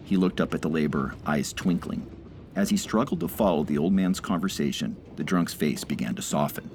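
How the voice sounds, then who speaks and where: A man reading a first-person story aloud in a measured, dramatic way. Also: very deep voice, a little mellow, slight background noise. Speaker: narrator.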